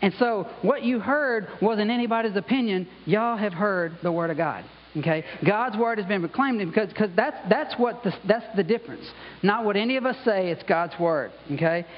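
A man's voice: high-pitched, moderate pace. A man preaching a conversational sermon as pastor in a church, often asking "you know?" and "okay?". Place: church sanctuary. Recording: dull sound with long hall reverb.

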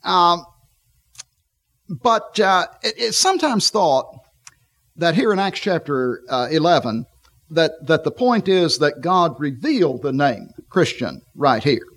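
A middle-aged man preaching a sermon, leading his listeners through scripture passages and pausing often with fillers as he reads. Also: fairly high pitch, expressive, a bit bright. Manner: halting, frequent fillers and restarts while reading scripture.

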